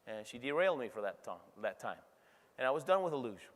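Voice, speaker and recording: A middle-aged man giving a motivational keynote speech, energetic and conversational, often checking in with the audience. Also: medium pitch, fast talker. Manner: energetic, conversational, frequent tag questions to the crowd. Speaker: keynote speaker. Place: large convention hall. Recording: reverberant convention hall sound.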